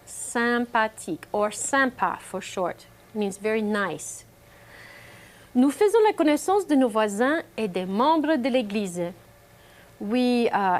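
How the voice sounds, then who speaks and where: A woman's voice: fairly high pitch, a little mellow. A middle-aged woman teaching French to a remote class, reading French sentences aloud and translating each one into English with many fillers.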